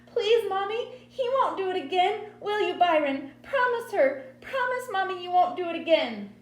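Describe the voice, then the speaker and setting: A woman voicing a frightened little girl who is crying and begging, in a high, shrill voice. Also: animated, normal speed, reverberant. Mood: sobbing, pleading.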